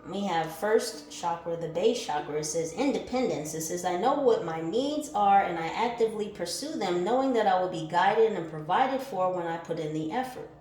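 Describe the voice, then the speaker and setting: Animated woman giving a spiritual card reading. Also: on the low side, moderate pace, hardly any pauses. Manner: shifts from calm musing to loud fired-up exclaiming; reads affirmations aloud, laughs and swears casually. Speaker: tarot reader. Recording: echoey room with faint music behind.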